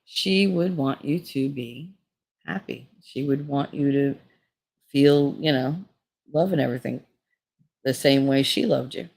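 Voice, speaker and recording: A woman's voice: very deep voice, a little slow, vocal fry, pauses often, darkish tone. A middle-aged woman talking candidly in a casual, rambling monologue, laughing often and swearing freely. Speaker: vlogger.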